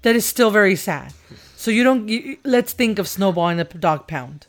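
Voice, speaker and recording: A woman in casual conversation with her child, mid-pitched and unhurried. She wanders through stories, teases gently and laughs often, with the loose feel of family banter on a podcast. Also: lively intonation. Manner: rambling, laughs often, teasing. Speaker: podcast host and mother.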